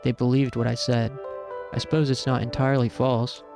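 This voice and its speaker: A man's voice: medium pitch, little pitch movement, brisk, vocal fry, over music. A man streaming, reading a story game aloud in an earnest, reflective way.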